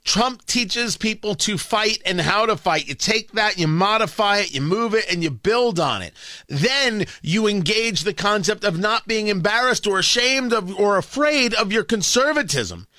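Brash, high-voiced talk radio host man. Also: lively intonation, normal speed, sharp tone, no echo, studio quality. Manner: brash, sarcastic, rhetorical questions. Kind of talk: opinionated talk radio monologue.

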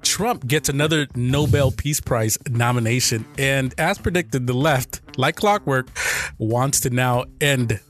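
A man's voice: medium pitch, measured pace, fairly bright tone, faint music behind. A man hosting a casual podcast, joking and laughing often as he talks. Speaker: podcast host.

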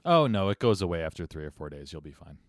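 A man co-hosting a casual chat, ribbing his partner in a deadpan, teasing way. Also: deep voice, fast talker, no room sound, clean studio sound.

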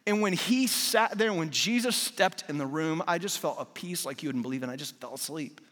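Brief: forties male preacher, bright forceful tone, dramatic story-driven delivery in a big reverberant church. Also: on the high side, fairly quick. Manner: passionate storytelling, swings from loud to hushed. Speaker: guest preacher. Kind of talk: sermon.

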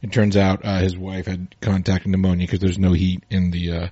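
A man's voice: low-pitched, monotone, moderate pace, warm tone, breathy edge, no echo, dull audio. A man in a casual chat, animatedly retelling comic strips.

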